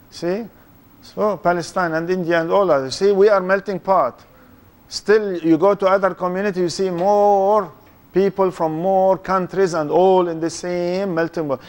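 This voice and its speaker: Older guy w a foreign accent giving a religious talk, kinda high voice, keeps asking the crowd stuff, huh?. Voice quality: speaks English with a foreign accent. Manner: quizzes the audience, tags points with "huh?". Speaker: Islamic lecturer. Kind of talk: interactive religious lecture to a youth audience.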